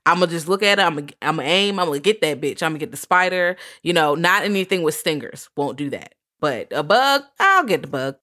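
A woman hosting a casual podcast chat, telling stories in a blunt, profane, animated way. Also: deep voice, a little fast, few pauses. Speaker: podcast host.

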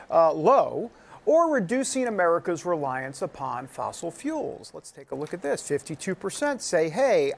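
A man hosting a talk show, joking and chatting in asides to his crew. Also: high-pitched. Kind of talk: casual talk show chat.

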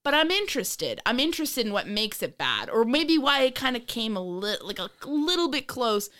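A woman co-hosting a podcast, chatting casually in a rambling, animated way, with frequent swearing and laughter. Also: fairly high pitch, normal speed. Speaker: podcast co-host. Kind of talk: casual chat.

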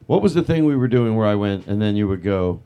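A man's voice: lowish voice, lively intonation, fast talker, dark tone, smooth. A man hosting a comedy show, rambling loosely through half-remembered bits with a self-mocking manner. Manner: rambling, self-mocking, lounge-singer crooning. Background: band music.

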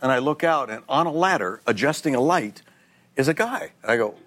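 A middle-aged man, a guest actor on a TV talk show, telling anecdotes in a lively way, acting out voices and laughing often. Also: medium pitch, a little fast.

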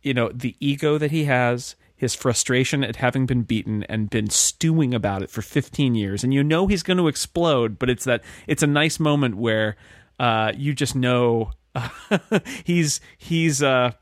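A man's voice: medium pitch, measured pace, dry recording, studio quality. Rambling male podcast co-host. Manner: rambling, restarts, animated asides. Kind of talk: casual chat about a film.

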